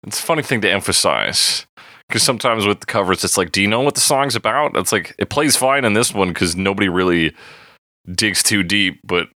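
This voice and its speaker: A man's voice: sits low, lively intonation, moderate pace, bright, forceful tone, no echo, clean studio sound. A man co-hosting a casual music podcast, chatting and humming bits of songs to show what he means. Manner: sings and vocalizes bits of songs to illustrate. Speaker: podcast co-host.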